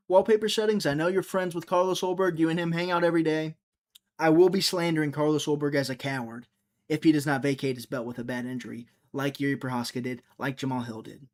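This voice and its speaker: A man with a slightly high voice hosts a loose, casual livestream. He rambles and cracks jokes, talking straight to the viewers in his chat. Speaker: livestream host.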